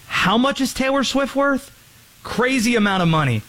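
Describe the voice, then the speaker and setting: A man's voice: extremely high pitch, expressive, normal speed, fairly bright tone. A man hosting a sports talk show, teasing his co-host in a mock-serious way.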